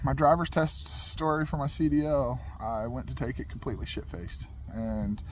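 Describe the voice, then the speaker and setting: A man's voice: mid-range voice, moderate pace, a little mellow, slight background noise. A young man casually telling a funny personal story in a rambling, repetitive, laid-back way.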